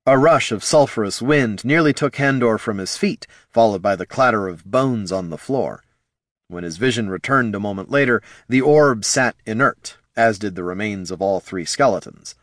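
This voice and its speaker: Male narrator, even fantasy audiobook reading, dry recording. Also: on the low side, normal speed, dry recording.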